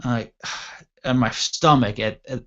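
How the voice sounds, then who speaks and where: Animated man telling a crude story. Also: medium pitch, a little slow. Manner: animated, acts out voices, crude humor. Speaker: radio show host. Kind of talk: casual storytelling chat. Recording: dull lo-fi radio show audio.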